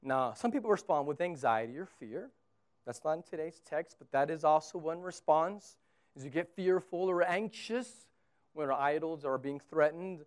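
An animated Texan pastor preaches a sermon at a normal speed, talking conversationally. He alternates between loud, emphatic bursts and quiet, low lines.

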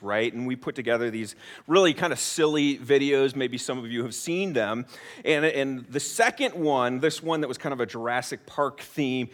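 A man's voice: a little high, a bit bright. A middle-aged American man preaching a sermon in a church, talking conversationally with self-deprecating humor. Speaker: pastor. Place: church sanctuary.

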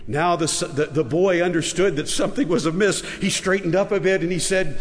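A man's voice: high-pitched, moderate pace, hardly any pauses. A man, a pastor, preaching a sermon and telling a story with emphasis, in a large church sanctuary. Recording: echoey large church hall.

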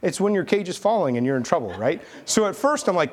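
A man preaching a sermon as pastor, telling stories in a casual, animated, conversational way. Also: fairly high pitch, a little fast, few pauses. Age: adult, army veteran.

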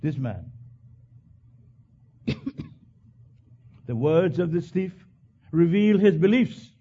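Husky preacher with lively swings. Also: male voice, extremely slow, dull audio. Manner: swings from hushed lows to loud high bursts. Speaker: pastor. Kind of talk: sermon.

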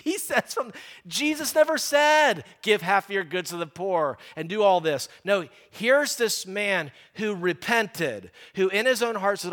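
A man preaching a sermon, lively and animated, acting out the people in the story. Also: high voice, moderate pace. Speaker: pastor.

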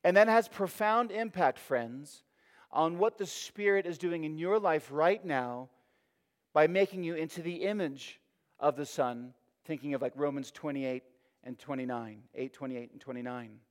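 A man preaches a sermon, his fairly high voice rising and falling as he presses each point and repeats phrases for weight. His words ring out with a long reverb from a large hall. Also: moderate pace.

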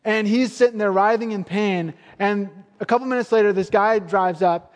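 A man's voice: high voice, moderate pace. A man, a pastor, giving a sermon with earnest, conversational storytelling. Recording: long hall reverb.

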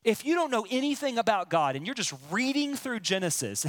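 A man preaching a sermon, speaking to his listeners directly and leaning on emphatic pauses. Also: very high-pitched, sing-song, fairly bright tone. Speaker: pastor.

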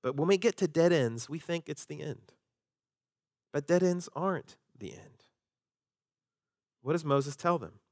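Man, pastor, sermon, fairly high voice, dry close sound, animated delivery. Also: unhurried, long pauses, no room sound. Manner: animated, acts out quoted voices with sudden rises in pitch.

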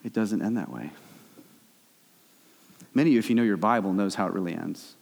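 A young adult male pastor preaching a sermon, with animated swings between loud, high bursts and low, quiet stretches. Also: brisk, creaky. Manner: animated preaching, rising and dropping sharply. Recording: long hall reverb.

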